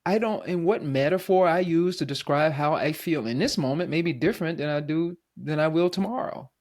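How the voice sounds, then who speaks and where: A man hosting a podcast, talking reflectively in a thoughtful, halting way with many restarts. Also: fairly high pitch, darkish tone. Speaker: podcast host. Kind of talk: reflective conversation.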